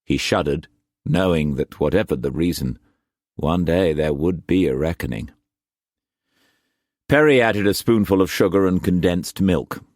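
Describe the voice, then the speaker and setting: A man narrating a historical novel in a measured storytelling manner. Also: sits low, dry recording, clean studio sound. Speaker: audiobook narrator. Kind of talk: scripted narration.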